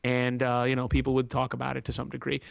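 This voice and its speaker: A man's voice: mid-range voice, monotone, quick pace, gravelly, dry recording. A man hosting a podcast, telling a personal story in a candid, emotional, rambling way with many fillers, close to tears. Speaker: podcast host.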